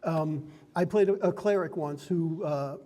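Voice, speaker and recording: A man's voice: on the high side, a little slow, mellow, big-room sound. A man acting as dungeon master in a card and game store, explaining rules to new players in a friendly, instructive way. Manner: friendly, instructive, laughs often.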